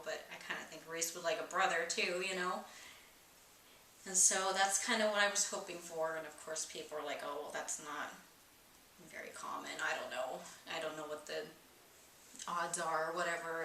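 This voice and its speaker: A woman's voice: low voice, bright, forceful tone. A young woman candidly telling a personal, emotional story in a vlog, rambling with many fillers. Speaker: vlogger. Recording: echoey room, distant mic, faint hiss.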